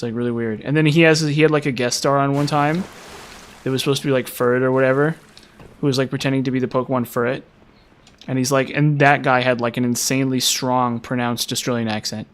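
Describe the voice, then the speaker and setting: A man's voice: mid-range voice, clean tone. Male streamer, casual rambling gameplay chat, mid-range voice. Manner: rambling, chatty, lots of fillers. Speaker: game streamer.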